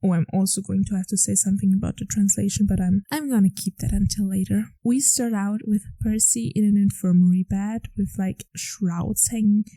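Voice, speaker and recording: A woman's voice: mid-range voice, fairly even intonation, a little fast, hardly any pauses, warm tone, dry recording, poor audio. A woman hosting a podcast, chatting enthusiastically through an episode recap with lots of "like" fillers. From grew up on a farm. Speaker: podcast host.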